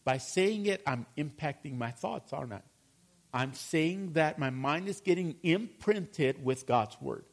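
A man's voice: expressive, measured pace, creaky. A man preaching a sermon to his congregation, calling for responses and asking them questions. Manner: drops to a low mutter on repeated verses. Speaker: pastor.

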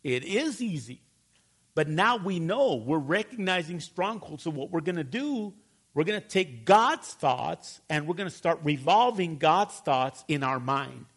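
A male pastor preaching a sermon, animated and calling for responses from the congregation. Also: fairly high pitch, a little slow.

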